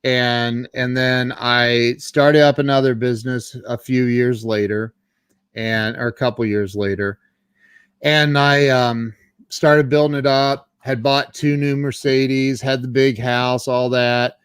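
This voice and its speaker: Halting middle-aged man telling his story. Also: medium pitch, little pitch movement, fairly bright tone, clear, resonant tone, no room sound. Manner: halting, with frequent stammered restarts. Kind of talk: candid personal storytelling.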